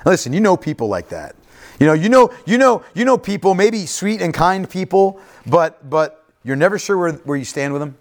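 A man preaching in a lively, swinging voice that sits a little high. He speaks straight to the congregation, often checking in with "right?" and going back over his phrases. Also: moderate pace. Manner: conversational preaching, frequent "right?" asides and repeated phrases. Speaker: pastor. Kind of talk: sermon.

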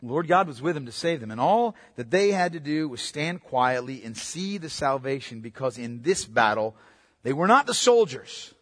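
A man preaching a sermon in an emphatic way, swinging from loud to quiet. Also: mid-range voice, lively intonation, normal speed, long reverb tail. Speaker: pastor.

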